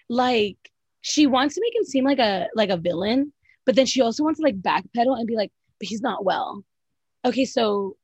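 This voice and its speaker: Blunt, husky-voiced woman ranting. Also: mid-range voice, darkish tone, no echo, dull audio. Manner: blunt, profane, keeps saying "literally" and "like". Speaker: podcast co-host. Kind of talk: casual reality-TV recap chat.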